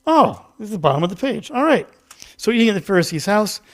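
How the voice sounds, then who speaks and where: A man's voice: sits high, sing-song, quick pace. A male pastor giving a casual, interactive sermon in a church, chatty and self-deprecating, acting out a Bible story with volunteers. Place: church sanctuary.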